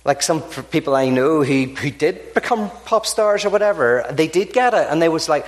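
A man's voice: fairly high pitch, normal speed, few pauses. A man from Ireland, giving a storytelling talk to an audience and acting out the characters in his jokes. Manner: animated, acts out characters in jokes.

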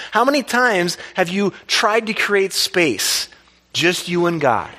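A pastor preaching a lively sermon, asking the congregation questions and laughing along. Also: male voice, high voice, slow.

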